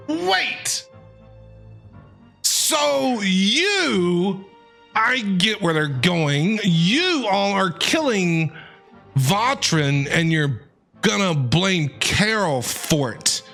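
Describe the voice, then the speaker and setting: Excitable streamer guy, bright gravelly voice, drawn out and emotional, keeps exclaiming. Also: high-pitched, slow pace, soft background music. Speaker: streamer reacting to a game. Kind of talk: casual game reaction commentary.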